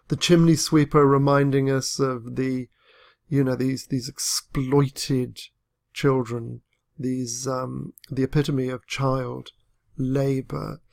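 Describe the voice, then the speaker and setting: English male literature teacher, unhurried delivery, some vocal fry, thoughtful explainer. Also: mid-range voice, steady tone, darkish tone. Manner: thoughtful, measured analysis with pauses. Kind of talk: recorded poetry lecture.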